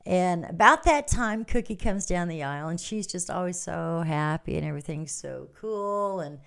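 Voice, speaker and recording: A woman's voice: on the low side, moderate pace, vocal fry. A woman hosting a casual morning livestream, telling a story to her viewers and laughing often as she talks. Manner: chatty and animated, laughs often, reads out viewer comments. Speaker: livestream host. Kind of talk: casual storytelling to a live audience.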